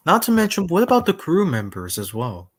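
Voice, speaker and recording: A man's voice: a little high, wildly swooping pitch, brisk. A young man co-hosting a stream, mostly giving brief, agreeing replies in casual chat.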